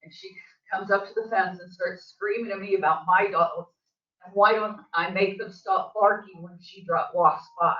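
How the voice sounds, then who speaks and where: A woman's voice: medium pitch, steady tone, normal speed. An older woman, a local resident giving public comment at a board meeting, telling her story in an agitated, emphatic way. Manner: agitated, emphatic storytelling, voice rising toward the end. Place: district office meeting room. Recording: distant, echoey, dull meeting-room audio.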